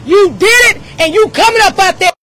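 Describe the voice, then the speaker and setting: A woman giving an impassioned, confrontational public speech outdoors, shouting at times. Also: extremely high pitch, a little fast. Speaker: speaker at a press event.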